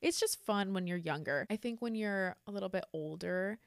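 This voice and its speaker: A woman in her twenties hosting a solo podcast, talking candidly and swearing freely, and getting animated when she retells a story. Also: medium pitch, moderate pace, vocal fry, no room sound, clean studio sound. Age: 20s. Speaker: podcast host. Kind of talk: casual solo podcast monologue.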